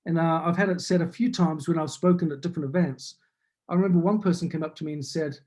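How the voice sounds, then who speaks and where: A man's voice: fairly high pitch, steady tone, quick pace, darkish tone. A man with a New Zealand accent giving a motivational business talk over a video call, building his points in earnest, repeating phrases. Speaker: business speaker.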